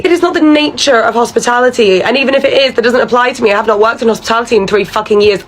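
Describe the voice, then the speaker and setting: A woman's voice: a little high, fairly quick, low-quality recording. Exasperated, sarcastic woman swearing. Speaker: comedy sketch performer. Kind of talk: comedic sketch dialogue.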